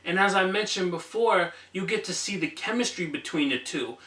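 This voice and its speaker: A man's voice: high voice, expressive, moderate pace, bright, forceful tone, recorded from a distance. A man reviewing an album for his channel in a casual, enthusiastic, conversational way. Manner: enthusiastic, conversational, some fillers. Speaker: music reviewer, channel host. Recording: echoey room, voice a bit off-mic.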